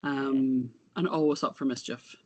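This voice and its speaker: A woman, talking about her son as an interview guest, halting and reflective, often trailing off. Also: very deep voice, steady tone, no echo. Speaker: interview guest, bereaved mother. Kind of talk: casual conversation.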